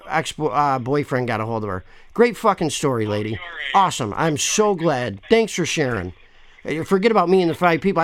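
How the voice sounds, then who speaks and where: A man's voice: a little high, a bit bright. A man making a prank call to a store, rambling, pushy and swearing often. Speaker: caller complaining to a store.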